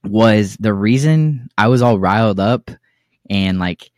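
Young dude telling a wild story, swears a lot, lowish voice, dry close mic. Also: male voice, slow, no echo. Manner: profane, animated storytelling with acted-out quotes. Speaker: podcast co-host. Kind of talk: casual storytelling chat.

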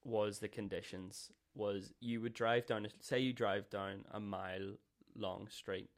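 Lower-pitched man telling stories. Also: unhurried. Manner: swears freely, animated storytelling. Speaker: podcast co-host. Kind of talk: casual storytelling chat.

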